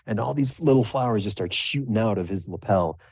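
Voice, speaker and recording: Low gravelly guy narrating a tabletop game, rambly, dry muffled lo-fi mic. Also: expressive, a little fast, a little mellow, dry recording. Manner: rambling, repeats words while narrating. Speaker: game master.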